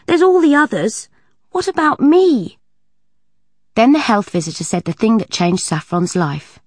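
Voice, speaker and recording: A woman narrating a children's storybook aloud in an even, clear manner. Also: fairly low pitch, no echo. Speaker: audiobook narrator. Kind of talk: storybook reading.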